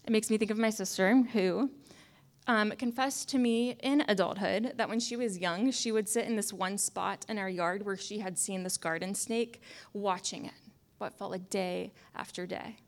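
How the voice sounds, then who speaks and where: A young adult woman preaching a conversational sermon in a wry, self-mocking way, often dropping to soft asides. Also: mid-range voice, steady tone, moderate pace.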